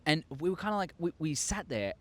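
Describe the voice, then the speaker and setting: A young man telling a story to his viewers, excitable and acting out scenes with sound effects. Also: a little high, fairly quick. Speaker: YouTuber. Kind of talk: casual storytelling monologue.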